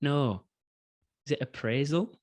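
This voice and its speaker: A man's voice: on the high side, a little slow, darkish tone. A young man co-hosting a casual film review podcast, rambling through his points with lots of swearing and restarts. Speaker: podcast co-host.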